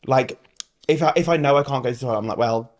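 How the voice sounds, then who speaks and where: A British man talking as a guest in a casual interview, chatty and animated, laughing often and slipping into other people's voices. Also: mid-range voice, fast talker. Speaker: guest drag performer.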